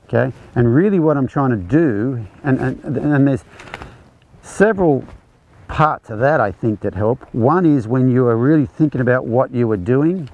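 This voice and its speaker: A man with a gravelly, mid-pitched voice runs a horsemanship clinic, talking through each step while he demonstrates. The sound is dull and lo-fi, like a livestream from an outdoor ranch arena. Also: lively intonation, normal speed. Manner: explains conversationally, demonstrating as he speaks. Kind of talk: live teaching demonstration.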